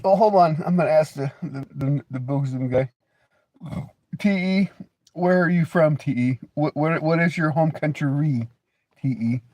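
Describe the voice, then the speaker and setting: A man's voice: on the high side, unhurried, mellow, no echo. A man hosting a casual livestream, rambling, joking, laughing often and teasing viewers with crude banter. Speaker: livestream host.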